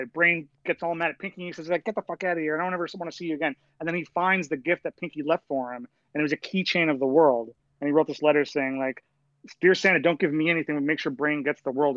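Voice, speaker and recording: A young man co-hosting a casual chat, telling stories in an animated, profane way. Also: a little high, dry recording, lo-fi sound. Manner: fast, animated, profane storyteller. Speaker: podcast co-host.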